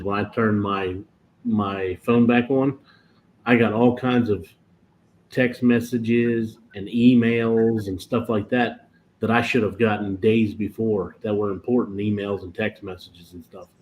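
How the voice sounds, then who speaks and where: A man's voice: lowish voice, a little mellow. A man chatting casually on a livestream, rambling and correcting himself as he explains cruise internet plans. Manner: rambling, self-correcting storyteller. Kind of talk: casual chat. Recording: dull lo-fi stream audio with faint noise.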